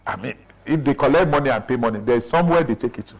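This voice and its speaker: A man's voice: medium pitch, animated, fast talker, creaky, low-quality recording. Nigerian man explaining procedures patiently. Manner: explanatory, checks in with "right?" often. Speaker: official explaining business registration. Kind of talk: radio interview.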